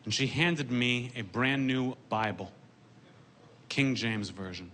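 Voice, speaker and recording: A man performing a stand-up comedy set onstage, with a deadpan delivery. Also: mid-range voice, slow pace, slight background noise. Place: stage before a live audience.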